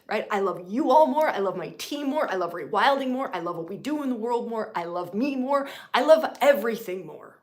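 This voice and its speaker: A woman leading a spiritual teaching session live, swinging from loud, emphatic, profane lines to hushed whispers and repeating phrases for effect. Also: a little high, lively intonation, fairly quick, few pauses. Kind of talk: impassioned spiritual teaching on a livestream.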